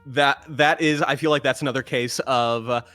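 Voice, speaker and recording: A man's voice: mid-range voice, steady tone, moderate pace, pushed and bright, no room sound, soft background music. A man who voice acts, a guest chatting casually over a voice call, swearing freely and laughing often. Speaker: guest voice actor. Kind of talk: casual chat.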